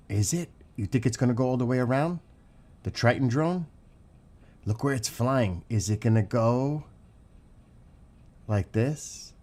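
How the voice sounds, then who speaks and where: This livestreamer, a man from New York City with a mid-range voice and a New York accent, talks through flight tracks while reading chat. He rambles excitedly and keeps asking questions.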